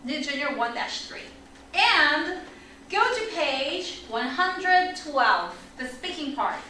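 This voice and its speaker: A woman teaching an online English lesson for children, energetic and upbeat, leading repeat-after-me drills. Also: sits high, slow pace, a little hiss or hum. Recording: echoey room, mic at a distance.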